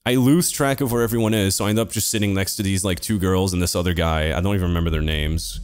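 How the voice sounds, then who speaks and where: A man's voice: sits low, fairly even intonation, quick pace, clean tone. A man, podcast co-host, telling a rambling story in casual chat, swearing and laughing often.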